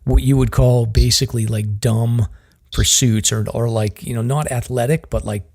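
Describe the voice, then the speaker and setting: A man's voice: mid-range voice, fairly even intonation, normal speed, darkish tone, husky. A man with a Boston accent hosting a podcast, chatting casually and rambling with plenty of restarts. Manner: rambling, self-interrupting. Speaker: podcast host. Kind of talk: casual chat.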